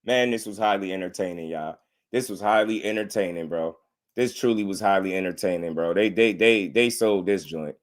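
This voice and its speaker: A man giving casual boxing commentary on a live stream, slangy and animated, laughing often. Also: low-pitched, moderate pace.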